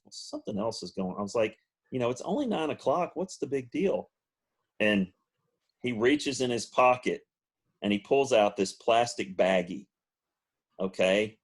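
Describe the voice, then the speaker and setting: A podcast co-host with a mid-range voice tells stories in a casual chat. He's lively and animated, laughing often as he goes.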